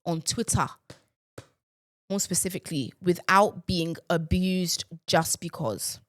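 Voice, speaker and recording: A young woman hosting a casual solo podcast chat, sarcastic and animated, jumping from loud outbursts to low mutters. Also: slow, dry recording, studio quality. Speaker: podcast host.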